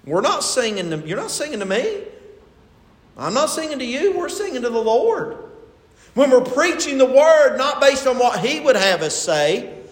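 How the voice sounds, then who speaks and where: A man preaches from the pulpit, his high voice leaping up and down as he presses rhetorical questions on the congregation. His words ring through a roomy sanctuary with a long reverb tail. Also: big pitch swings, normal speed. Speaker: pastor. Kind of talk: sermon. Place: church sanctuary. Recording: echoey church hall.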